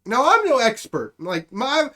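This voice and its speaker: Young man, high-pitched, casual comedy chat, podcast co-host, playful riffing. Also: sing-song, a little slow, sharp tone. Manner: riffing, acts out silly bits with put-on voices.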